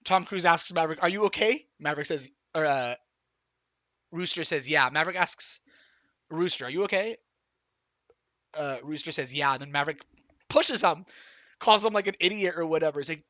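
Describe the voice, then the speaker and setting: A man streaming, recapping a film in an excited, rambling way, swearing often and restarting sentences. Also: on the high side, normal speed, pauses often, no room sound. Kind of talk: excited casual movie recap.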